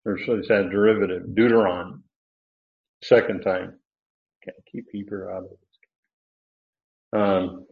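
A man's voice: low-pitched, fairly even intonation, takes it slowly, vocal fry, long pauses. A man teaching a Bible passage verse by verse, explaining the Greek words with emphasis and correcting himself as he goes. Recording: tinny phone-like sound in an echoey room.

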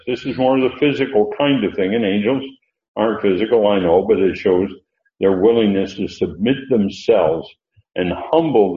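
An older man teaching a Bible study as a preacher, unhurried and halting, with many fillers. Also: fairly low pitch, warm tone. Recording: roomy, dull lo-fi sound.

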